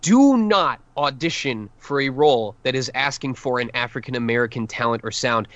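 A man's voice: medium pitch, expressive, normal speed, a bit bright, dry recording, highs cut off. A man voice actor giving advice in a podcast interview, earnest and emphatic, restarting his sentences often. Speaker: voice actor guest.

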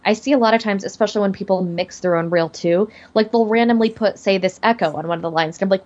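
A woman's voice: mid-range voice, fast, hardly any pauses, a little mellow, muffled recording. A young woman, a voice actor, talking casually in a podcast chat with lots of fillers and restarts. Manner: chatty, many fillers and restarts. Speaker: voice actor guest.

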